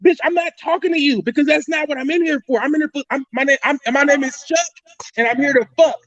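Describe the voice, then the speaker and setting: A man's voice: very high voice, fast talker, fairly bright tone, no room sound. A man talking brashly and boastfully in a casual podcast discussion, swearing freely. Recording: dry, dull lo-fi mic.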